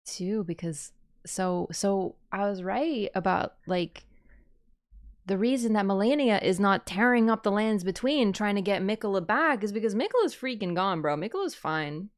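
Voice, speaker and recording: A woman talking through a trailer as a YouTuber, rambling and gushing. Her voice sits at an ordinary middle pitch. She swings from loud bursts of excitement into hushed, half-whispered asides. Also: moderate pace. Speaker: YouTuber reacting to a game trailer. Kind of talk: excited casual reaction commentary.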